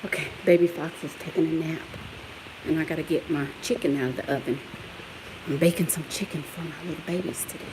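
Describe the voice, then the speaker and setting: With a low-pitched voice and quick pace, she's sassy and animated in a casual home vlog, laughing often and retorting to commenters. She moves around the house and yard, and background noise is clearly audible in the home recording.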